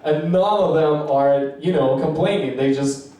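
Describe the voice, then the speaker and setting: A man doing open-mic stand-up comedy, rambling and profane, acting out quotes in high squeaky voices, in a language not his own. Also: a little slow, a crowd in the background. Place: small comedy bar. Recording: echoey room from far off.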